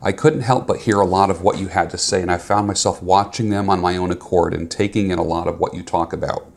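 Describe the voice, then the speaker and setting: A man's voice: low voice, fairly even intonation, fast talker, vocal fry. A man on a YouTube video, talking to camera and earnestly reading a viewer's letter aloud.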